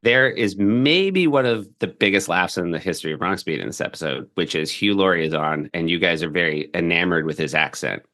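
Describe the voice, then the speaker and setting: A man's voice: deep voice, fairly quick, few pauses. A man in his fifties hosting a podcast, reminiscing and chuckling through casual chat. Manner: warm-hearted, reminiscing, chuckling. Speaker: podcast host. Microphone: studio mic.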